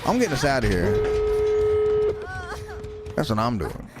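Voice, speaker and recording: A man livestreaming a game, chatting casually with excitable, profane, rambling banter and yelling at teammates. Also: medium pitch, measured pace, loud music behind the voice. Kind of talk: live gameplay commentary.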